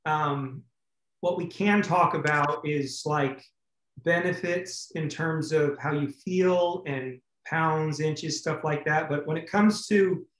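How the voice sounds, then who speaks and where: An upbeat man hosts a group video call, his voice pitched high for a man. He cheers people on and steers them along gently. The sound is echoey, from a room heard through the call. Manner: upbeat, encouraging, quick to cut in. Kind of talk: casual chat.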